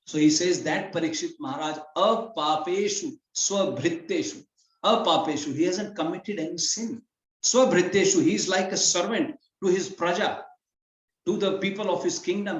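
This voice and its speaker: A man giving a devotional scripture class, explaining Sanskrit verses phrase by phrase in a lively storytelling way. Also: a little high. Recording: roomy, slightly dull hall recording.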